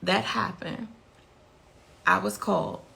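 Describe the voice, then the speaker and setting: A woman's voice: medium pitch, fairly even intonation, slow, gravelly, bright, forceful tone. A grieving mother recounting a night of violence in an emotional interview, her telling growing frantic as she relives it. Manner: recounts events with rising, frantic intensity.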